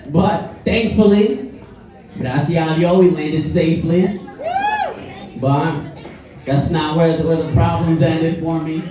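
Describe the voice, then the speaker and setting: A man's voice: fairly high pitch, fairly even intonation, takes it slowly, pauses often. A man from the Bronx with a Bronx accent doing a stand-up comedy set, talking loose and conversational and checking in with the crowd. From the Bronx, New York. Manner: loose and conversational, keeps asking the crowd "you know what I'm saying". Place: comedy club stage. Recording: far-off roomy club mic, muffled, loud crowd. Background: audience laughing.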